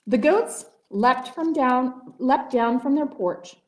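A woman librarian reading a picture book aloud at a library story time, with gentle, expressive storytelling. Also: high-pitched, slow pace. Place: public library room. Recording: roomy echoey room.

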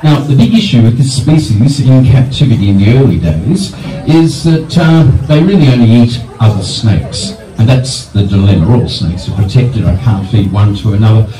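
A man's voice: mid-range voice, lively intonation, normal speed, warm tone. A man, a reptile park keeper, presenting animals live to an audience with jokey, dry humour. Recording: echoey, from far off, faint music.

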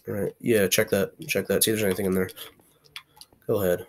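A man's voice: lowish voice, fairly even intonation, fast, darkish tone. A young man giving casual gameplay commentary, chatty and playfully trash-talking, now and then yelping in frustration. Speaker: gaming channel host.

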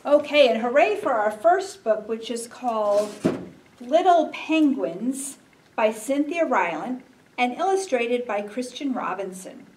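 A woman leading a children's storytime, singing a song, reading picture books aloud and teaching a finger play in a slow, gentle, sing-song way. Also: a little high, lively intonation. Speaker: children's librarian. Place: library storytime room. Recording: faint room noise, mic at a distance.

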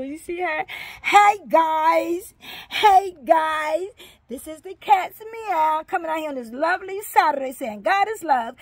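An older woman hosts a cheerful home vlog, her high voice bouncing between greetings, crooning and humming. The sound is close and dry, with no room echo. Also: lively intonation, measured pace. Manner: exuberant sing-song, calls out greetings, hums and croons. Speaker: vlog host. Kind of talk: casual home vlog with grandchildren.

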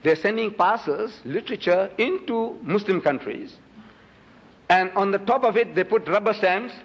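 A man's voice: high voice, moderate pace, breathy edge. An older man from South Africa giving an emphatic public lecture, asking rhetorical questions and holding up items to show the audience. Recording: reverberant lecture hall.

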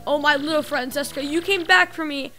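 A sentimental old mob boss, as a woman puts him on for a game, talking in a gruff tough-guy drawl that drops its words. His voice sits fairly high for a man, with soft game music playing behind. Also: brisk. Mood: tender.

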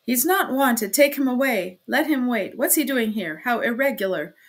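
Woman voicing a rattled magistrate guy in an audiobook, firing off loud questions, pitch up high. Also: expressive, unhurried. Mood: agitated. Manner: exclaiming, agitated questions. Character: flustered middle-aged male magistrate.

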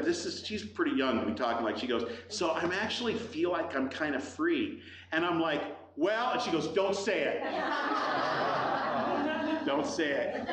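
Middle-aged guy preaching, jumps into funny voices for the story, echoey church room, bit of background hum. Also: on the high side. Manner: animated storytelling, acts out quoted voices. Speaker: pastor. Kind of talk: sermon with personal story. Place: church hall. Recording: echoey room with faint ambience.

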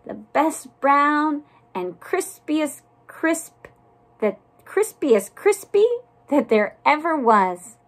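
A woman voicing a boastful male cookie that brags slowly and proudly about being special, read as a storybook character. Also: mid-range voice, lively intonation, a bit bright, full character voice. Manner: proud, drawn-out bragging.

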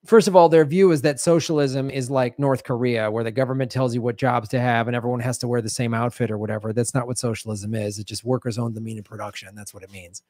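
A man hosting his own show, delivering an indignant, sarcastic political commentary monologue that swings between loud outbursts and muttered asides. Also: mid-range voice, steady tone, fast talker, hardly any pauses, dry recording. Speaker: show host.

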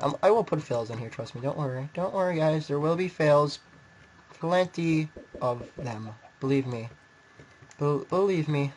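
A young man giving casual, rambling gameplay commentary, poking fun at himself and getting excited. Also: mid-range voice, a little hiss or hum. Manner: rambling, self-mocking, excitable. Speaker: gaming video creator.

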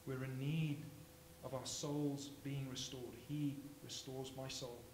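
A man preaching a sermon as pastor, swinging from hushed phrases to loud emphatic ones. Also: mid-range voice, level tone, slow pace. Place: church sanctuary. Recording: echoey church, faint hum.

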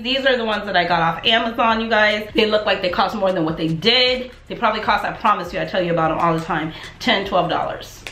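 Chatty woman vlogging in an echoey room. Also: mid-range voice. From United States. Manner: chatty, rambling, animated asides. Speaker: lifestyle vlogger. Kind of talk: casual chat to camera.

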